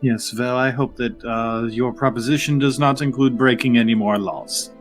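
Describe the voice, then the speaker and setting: A man's voice: medium pitch, steady tone, normal speed, soft background music, lightly acted. A man voicing a prim, flustered young woman who is a fae law student, speaking in a stiff, formal way.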